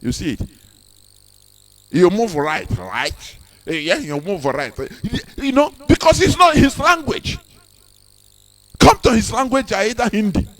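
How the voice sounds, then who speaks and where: A man's voice: high voice, sing-song, a little slow, long pauses, a bit bright. A man giving an impassioned speech, emphatic, repeating words and asking rhetorical questions. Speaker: speaker on a live broadcast.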